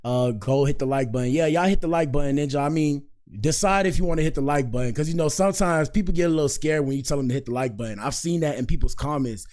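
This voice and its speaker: A man's voice: on the high side, quick pace, hardly any pauses, a little mellow. A man hosting a casual commentary show, joking around and rambling as he talks straight to his viewers. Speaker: host.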